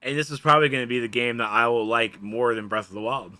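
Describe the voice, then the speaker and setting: A man with a Southern American accent co-hosting a casual gaming news show in an animated, chatty way. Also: mid-range voice, quick pace, no room sound. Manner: animated, laughing, loose and chatty. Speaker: podcast co-host.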